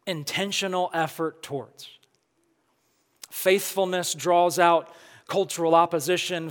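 A high-pitched man preaching in a sermon, earnest and emphatic, pressing his point home with questions to the congregation. His voice carries through a long, ringing hall reverb, the kind a church sanctuary gives. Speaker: pastor.

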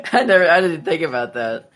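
Male podcast co-host with a bright, tense tone, agreeable and rambling in casual chat. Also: fairly high pitch, sing-song, moderate pace. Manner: agreeable, thinks aloud, trails off.

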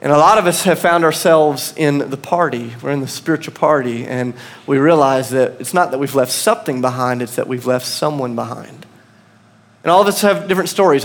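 A man's voice: fairly high pitch, fairly quick. A man in his thirties with an American accent, preaching a sermon as pastor and telling a story with self-deprecating humor.

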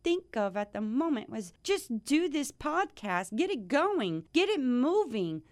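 A woman's voice: high-pitched, sing-song, a little slow. A woman hosting her own life-coaching podcast, talking in an effusive, grateful way with many restarts, teary from joy. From United States. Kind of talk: casual podcast monologue.

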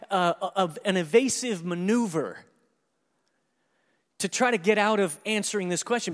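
High-voiced animated man preaching in a hall. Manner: animated, acts out scripture dialogue with laughs. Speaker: pastor. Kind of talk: sermon.

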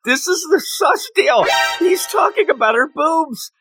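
A man chatting casually as a podcast co-host, animated and giggly, acting out the characters he talks about. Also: very high voice, unhurried, over music. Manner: animated, giggly, acts out quotes. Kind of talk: casual chat recapping a comic.

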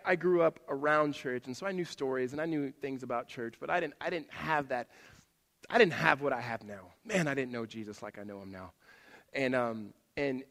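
A middle-aged man preaching a sermon, telling stories and swinging from loud animated bursts to hushed asides. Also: fairly high pitch. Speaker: pastor. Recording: long reverb of a hall.

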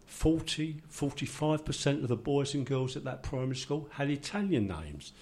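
A man's voice: mid-range voice, animated, moderate pace, a little mellow. Older Londoner man, chatty and joking. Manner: chatty, joking, rambling anecdotes. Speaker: discussion participant. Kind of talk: casual group conversation.

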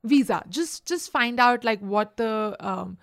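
A woman from India with an Indian accent, co-hosting a casual podcast chat in an animated, emphatic way, thinking aloud. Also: a little high, slow pace, gravelly. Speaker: podcast co-host.

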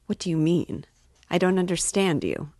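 A woman voicing a hearty, excitable young man in an audiobook reading, speaking eagerly and with emphasis. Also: lowish voice, moderate pace, no room sound, studio quality, close to an everyday voice. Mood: earnest.

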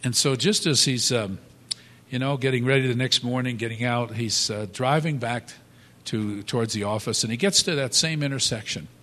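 A man telling a motivational story in a halting, animated way, with many restarts. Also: mid-range voice. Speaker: speaker. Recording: long hall reverb.

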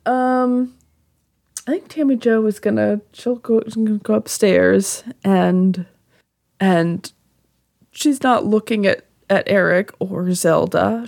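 A woman's voice: mid-range voice, creaky, a little mellow, dry recording, clean studio sound. A woman player in a tabletop game, talking hesitantly with many ums. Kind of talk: playing a character in a tabletop game.

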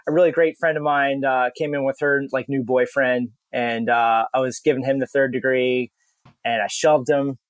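A man's voice: mid-range voice, fairly even intonation, moderate pace, dry recording. Man, casual guest storyteller, rambling with fillers, dry close mic. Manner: rambling and profane, with many fillers and laughs. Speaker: podcast guest.

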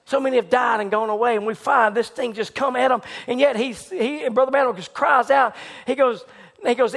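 High-voiced man preaching with dramatic swings. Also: a little fast. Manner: dramatic, rising to excited shouts in retold scenes, dropping to hushed lows. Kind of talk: sermon retelling a story.

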